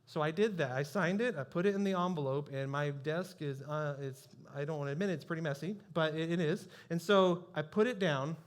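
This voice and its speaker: A man's voice: fairly high pitch, brisk, few pauses. A man preaching a sermon as pastor, telling a personal story in a conversational, self-deprecating way.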